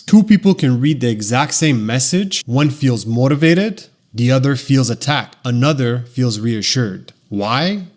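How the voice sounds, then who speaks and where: A man delivering a scripted lesson on ad strategy, speaking at a medium pitch. He talks in short, punchy declarative phrases, like a consultant walking clients through a method. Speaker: paid social marketing consultant.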